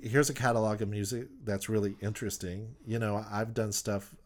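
A man, a touring musician, chatting in an interview with animated, rambling talk full of restarts. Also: on the low side, normal speed. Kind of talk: casual interview chat.

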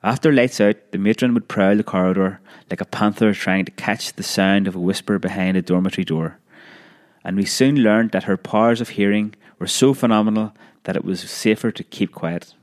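A man with a fairly low voice reads a memoir aloud. He keeps a steady, measured storytelling pace. Now and then he stumbles and restarts a word. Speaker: narrator.

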